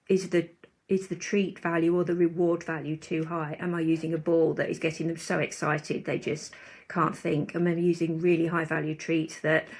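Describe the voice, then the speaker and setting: A woman with a fairly low voice talks through dog training as a podcast guest. She is thoughtful and unhurried, and she pauses on fillers as she works out each point. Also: husky. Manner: thoughtful, explains with many fillers. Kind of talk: casual podcast conversation.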